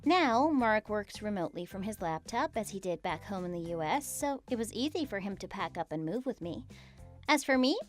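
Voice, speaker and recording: A woman giving scripted narration of her story in a brisk, matter-of-fact way. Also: medium pitch, expressive, soft background music.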